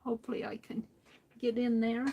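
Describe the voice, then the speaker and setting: A woman hosting a craft stream, talking casually to herself as she works, often trailing into soft near-whispers. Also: fairly high pitch, level tone, a little fast, a little hiss or hum, poor audio. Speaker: craft livestream host. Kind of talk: casual craft talk while working.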